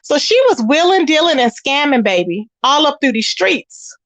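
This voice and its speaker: A woman hosting a casual commentary channel, animated and sassy, talking straight to her listeners about online drama. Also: high voice, normal speed, no room sound. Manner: animated and sassy, calls listeners y'all and baby.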